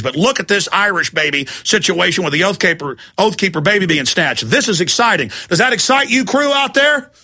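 A man hosting a live talk radio show, loud and hyped, shouting during a fundraising pitch.

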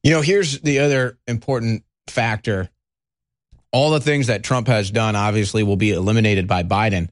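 A man's voice: fairly low pitch, dry recording, clean studio sound. A man hosting a talk show, giving rambling, conversational political commentary and speaking straight to his audience.

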